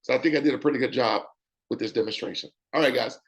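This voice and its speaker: Raspy-voiced man giving a sales pitch. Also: fast. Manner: animated, repeats "okay?" often. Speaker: presenter.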